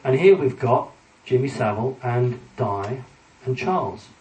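A man's voice: medium pitch, expressive, measured pace, darkish tone, a little hiss or hum. Man lecturing in an echoey hall. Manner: earnest, emphatic, warning the audience. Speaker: lecturer addressing an audience. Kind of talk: public talk with slides. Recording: echoey hall, distant mic, faint ambience.

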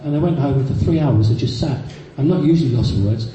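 Speaking fast in a mellow, medium-pitched voice, a man in his fifties recounts personal experiences to a live crowd. His storytelling is full of fillers and restarts, and the very echoey hall carries faint background noise.

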